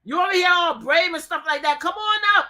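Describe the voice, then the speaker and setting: A woman livestream host with a high, bright, ringing voice. She talks loudly in a heated argument and hammers the same demands over and over. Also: lively intonation, fairly quick. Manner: loud, repeats pleading commands.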